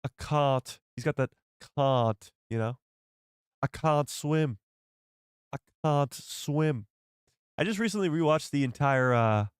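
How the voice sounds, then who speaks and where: Male host, casual live-stream chatter, mid-pitched voice, close dry mic. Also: smooth, dry recording. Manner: chatty, laughs often, addresses chat.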